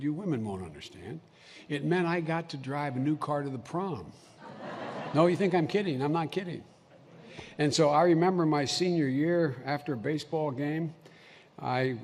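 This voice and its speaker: Gravelly older man speaking in a hall. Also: a little high, a little mellow, slight background noise. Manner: folksy, anecdotal, conversational. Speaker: vice president giving remarks. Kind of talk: public speech. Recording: long hall reverb, faint ambience.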